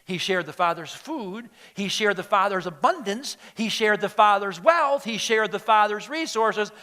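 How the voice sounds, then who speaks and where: A middle-aged man preaching from the pulpit with a notably high voice. He tells the story with animated energy, slipping into quoted voices and dropping low for quiet emphasis. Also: normal speed. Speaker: pastor. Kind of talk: sermon.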